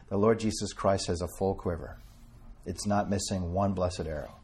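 A man's voice: low voice, fairly even intonation, moderate pace, a little mellow, slight background noise. A man preaching an informal sermon to a small group, talking conversationally, addressing listeners by name and reading scripture in old-fashioned wording.

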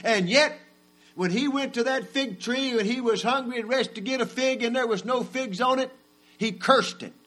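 A high-pitched man preaching, swelling to shouted climaxes and falling back to a low, hushed delivery. A faint electrical hum sits under the recording. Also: moderate pace. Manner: swelling to a shout at peaks, then dropping low. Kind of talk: sermon. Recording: mains hum in the background.

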